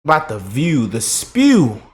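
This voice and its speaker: Animated mocking man, vlog commentator. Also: medium pitch, slow. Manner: animated, mocking, emphatic with repetitions. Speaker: YouTube commentator.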